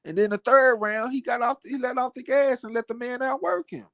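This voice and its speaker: A man co-hosting a casual live-stream talk show, animated and profane, often repeating words as he gets worked up. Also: very high-pitched, brisk, creaky, no room sound, studio quality. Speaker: podcast co-host. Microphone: home mic on live stream, cutting out.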